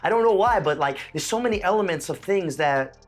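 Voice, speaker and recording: Animated man reacting to music. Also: fairly quick. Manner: animated, emotional, jumps in pitch. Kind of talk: excited reaction commentary.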